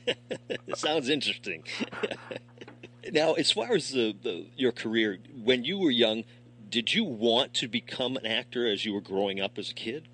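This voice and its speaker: A man hosting a radio interview, asking friendly, quick follow-up questions. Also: medium pitch, expressive, a bit bright, husky. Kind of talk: conversational interview.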